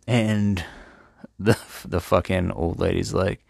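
A man with a very deep, gravelly voice retells old literature in a profane, irreverent comic style. The sound is dry and close, with no room around it. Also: little pitch movement, normal speed, no room sound. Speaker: host.

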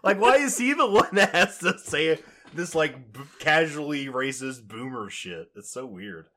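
A man's voice: fairly high pitch, expressive, measured pace, pushed and bright. A man co-hosting a podcast, reacting to a TV episode in casual chat with dry, sarcastic, blunt remarks. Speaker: podcast co-host.

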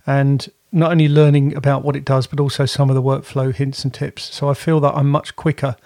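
A man's voice: medium pitch, little pitch movement, a little fast, dark tone, dry recording, clean studio sound. A man co-hosting a podcast from home, chatting in a rambling way and often correcting himself. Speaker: podcast co-host. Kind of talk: casual chat.

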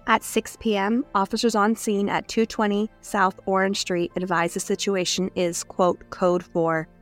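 A woman co-hosting a true crime podcast, narrating in an earnest, openly moved way. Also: lowish voice. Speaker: podcast co-host.

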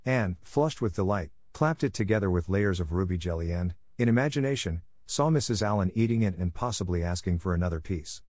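Low-voiced man reading a storybook. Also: lively intonation, brisk, few pauses, darkish tone, no echo, studio quality. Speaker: audiobook narrator. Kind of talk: storybook narration.

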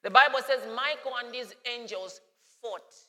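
A man preaching a sermon as pastor, animated and playful. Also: extremely high pitch, moderate pace, big-room sound.

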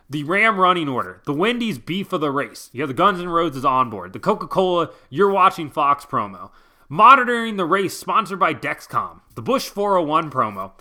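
Bright-voiced man ranting bluntly. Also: a little high. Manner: blunt, profane, exasperated. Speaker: motorsport vlogger. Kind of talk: casual ranting commentary.

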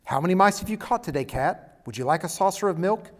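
A man's voice: sits high, expressive, fast talker, big-room sound, voice pushed up. A man voicing a jeering evil creature from a storybook, taunting a captive lion in a sneering manner. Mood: mocking.

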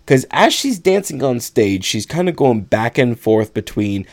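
A man's voice: mid-range voice, sing-song, unhurried. A young man co-hosting a podcast, casually and animatedly retelling a film scene with laughs. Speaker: podcast co-host. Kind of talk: casual chat recapping a film.

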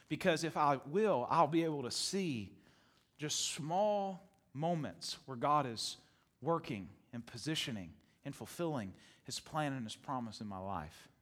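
High-voiced laughing male preacher. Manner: animated preaching, repeats phrases, laughs often. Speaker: pastor. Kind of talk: sermon. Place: church sanctuary with congregation.

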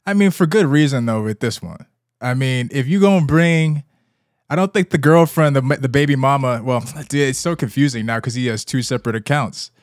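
A man's voice: medium pitch, fairly quick, no room sound, clean studio sound. A man in his twenties co-hosting a casual podcast, with laid-back banter. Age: 20s. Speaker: podcast co-host. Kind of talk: casual chat.

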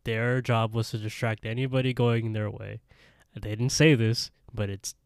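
A man with a lowish voice recaps an episode for his podcast, telling it in an animated way and laughing often. The sound is dry and close, with no room around it. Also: moderate pace, gravelly, no room sound. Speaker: podcast co-host. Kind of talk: casual chat recapping an anime episode.

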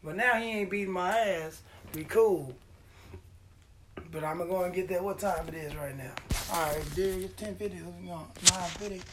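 A high-voiced man hosts a casual podcast. He tells his story in an animated, profane way and acts out the lines of the people in it. A faint hiss sits under his voice. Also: normal speed. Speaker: podcast host.

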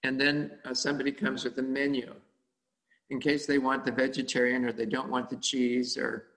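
A man telling a casual story about volunteer cooking, halting and full of fillers and self-corrections. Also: mid-range voice, little pitch movement, a bit bright, rough recording. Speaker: volunteer cook.

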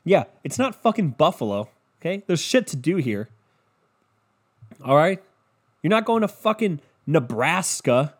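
A man's voice: a little high, very animated, unhurried, long pauses, husky. A young man from Cleveland hosting a podcast, ranting in a profane, rambling, casual way. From Cleveland, Ohio. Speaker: podcast host. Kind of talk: casual comedic rant.

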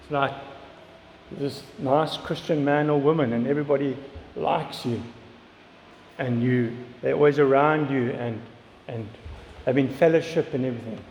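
A man's voice: medium pitch, fairly even intonation, moderate pace, pauses often, a little mellow, slight background noise. A man preaching a sermon in an earnest way, often repeating words and asking questions. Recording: echoey hall with long reverb, faint ambience.

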